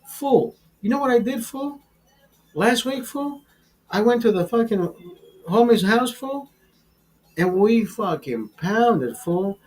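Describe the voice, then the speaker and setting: A man's voice: high-pitched, lively intonation, slow pace, pauses often, voice pushed up, rough recording. A man imitating a swaggering young wannabe tough guy who keeps calling people fool and dog. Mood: taunting.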